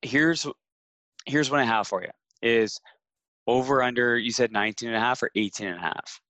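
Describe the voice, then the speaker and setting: A man from Canada co-hosting a podcast, talking in a measured, stats-minded way in casual chat. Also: mid-range voice, bright, forceful tone, dry recording. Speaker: podcast co-host.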